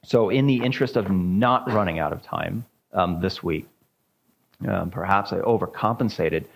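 Male pastor, low voice, informal teaching, hesitant and repetitive delivery. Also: creaky, slightly rough. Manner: halting, many ums and repeated words. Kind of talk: informal church teaching and discussion.

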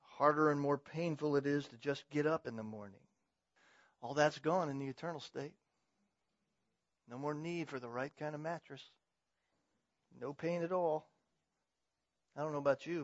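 A middle-aged man preaching a sermon in a fairly high voice, moving between loud, emphatic proclamation and quiet, personal asides. The sound is dry and a little muffled, with no room echo. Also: moderate pace, pauses often. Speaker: pastor.

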